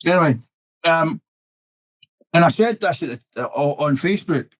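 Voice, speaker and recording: A middle-aged Scottish man, a military pipe band drummer, is an interview guest telling a rambling conversational story, restarting often and repeating "I says." His voice is on the high side and animated, at a moderate pace, on a rough recording with no room sound.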